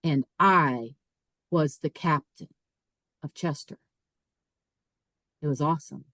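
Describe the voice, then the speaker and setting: A woman, a podcast guest, telling a personal story in a lively way, often repeating and restarting her words. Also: low-pitched, slow pace, no room sound, poor audio. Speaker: podcast guest, author and speaker. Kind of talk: casual storytelling.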